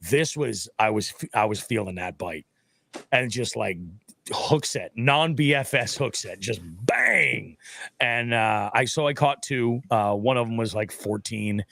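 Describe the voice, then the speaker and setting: Swearing fishing-podcast host telling stories. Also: male voice, medium pitch, unhurried, vocal fry, no room sound. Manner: animated storytelling, heavy swearing. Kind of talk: casual profane chat.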